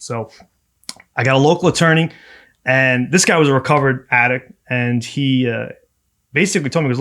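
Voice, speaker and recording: A man's voice: medium pitch, brisk, a bit bright. A man in his thirties, a podcast guest, telling his story in a casual interview and acting out the people in it.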